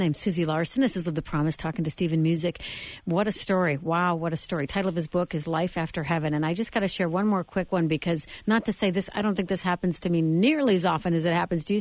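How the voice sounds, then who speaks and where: A woman hosting a Christian radio interview, earnest and telling stories with halting restarts. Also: on the low side, darkish tone, no room sound. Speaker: radio show host.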